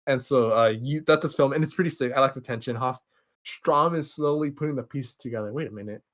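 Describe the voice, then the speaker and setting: Animated young man recapping on a podcast. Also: mid-range voice. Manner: animated, acts out characters' lines in quick impressions. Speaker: podcast host.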